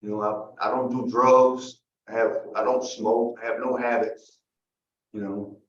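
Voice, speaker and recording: A man with a Louisiana accent speaking haltingly and sincerely to a parole board, stumbling over and repeating his words. He sounds set back from the mic in an echoey room, and the remote feed is dull and muffled, with his pitch sitting mid-range. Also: little pitch movement, distant mic. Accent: Southern US, Louisiana.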